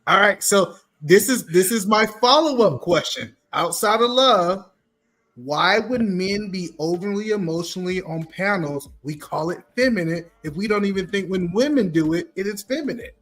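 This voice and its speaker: A man's voice: high voice, lively intonation, normal speed, fairly bright tone. A man on a podcast panel asking pointed questions in a casual debate, with a joking edge.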